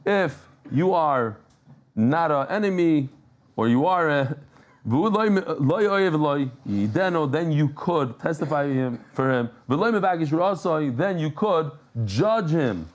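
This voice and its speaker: A man leads a live Talmud class, talking in a casual, lively way and bantering with the people around him. His voice sits a little high for a man. He often stops and restarts his sentences as he works through a point. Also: unhurried. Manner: animated, joking with the room, frequent restarts.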